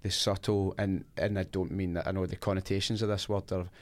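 Brief: male podcast host, low voice, curious interviewer. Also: little pitch movement, fairly quick. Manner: curious, prompting questions. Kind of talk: conversational interviewing.

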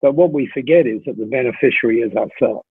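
A man's voice: medium pitch, quick pace, breathy edge, no room sound. A middle-aged man telling a story as a podcast guest, chatty and full of fillers and restarts. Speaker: podcast guest, company founder. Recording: tinny phone-like line, dry.

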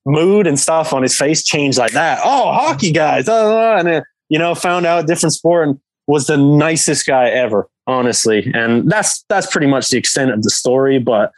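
A man's voice: mid-range voice, moderate pace, few pauses, dry recording, low-quality recording. A man from England, a professional hockey player guesting on a podcast, telling a story in a rambling way full of fillers. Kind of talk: casual storytelling.

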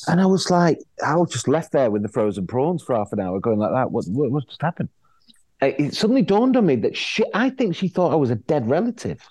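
A middle-aged man with a mid-range, slightly rough voice speaks fairly quickly, with no room sound. Appearing as an actor guest in casual chat, he tells anecdotes with animation, acting out the voices of people he quotes and often restarting.

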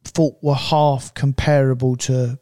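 A man co-hosting a casual podcast, chiming in with quick, eager interjections. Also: medium pitch, little pitch movement, warm tone, no room sound, studio quality. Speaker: podcast co-host.

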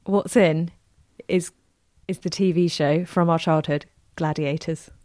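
A woman's voice: low-pitched, steady tone, a little slow, a little mellow, no room sound, studio quality. A woman in her thirties co-hosting a podcast, chatty and giggly, patiently explaining gardening basics in casual chat. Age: 30s. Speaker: podcast co-host, gardening expert.

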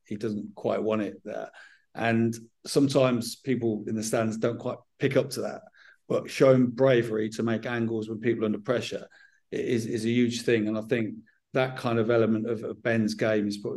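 Fielding interview questions, a middle-aged English football manager with a Southern accent replies frankly and steadily, often starting his sentences over. He has a lowish, slightly mellow voice.

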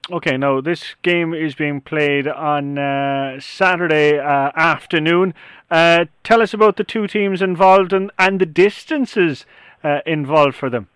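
A man's voice: a little high, a little slow, fairly bright tone, clean tone, dry recording. An Irish man hosting a sports podcast, friendly and a little hesitant, with frequent fillers. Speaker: podcast host.

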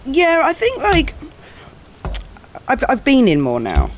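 A man's voice: very high voice, wildly swooping pitch, slow pace, a little hiss or hum. A man with a South East London accent, a podcast guest chatting frankly over dinner and talking with his mouth full. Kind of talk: casual chat over a meal. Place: home, at a dining table.

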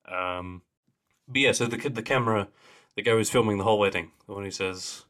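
A man's voice: on the low side, fairly quick, fairly bright tone. A young man co-hosting a podcast, chatting casually with laughs and trailing mumbles. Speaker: podcast co-host. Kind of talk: casual chat.

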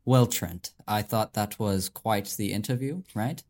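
A man's voice: lowish voice, unhurried, a little mellow. A young man co-hosting a podcast, chatting casually and often restarting with fillers. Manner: hesitant, filler-heavy. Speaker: podcast co-host. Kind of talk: casual banter.

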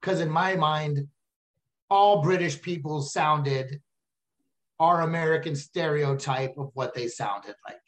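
A man with a Texan accent, a comedian chatting casually and telling animated stories as a podcast guest. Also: on the high side, takes it slowly. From Texas. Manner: animated storyteller, slips into silly voices.

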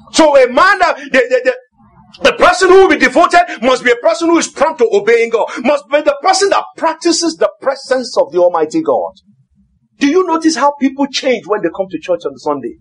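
A man preaching a sermon as pastor, emphatic and repetitive, now and then shouting. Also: very high-pitched.

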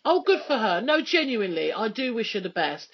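A chatty woman hosts a casual radio segment, joking along and filling gaps with ums and you-knows. Her voice is husky and breathy. The recording sounds dull and lo-fi. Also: fairly high pitch, big pitch swings, brisk. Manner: chatty, joking, many fillers. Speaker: radio presenter.

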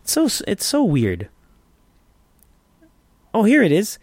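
A man's voice: sits high, huge pitch swings, slow pace, a little mellow, no room sound. Man, casual podcast host, rambling, dry close-up sound. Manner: rambling, swears casually, restarts often. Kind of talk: casual solo podcast chat.

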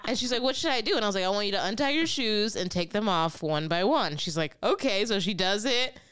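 A young woman hosting a podcast, telling stories in a casual, animated way. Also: mid-range voice, brisk, smooth. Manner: animated storytelling with laughs. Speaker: podcast host. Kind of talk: casual chat.

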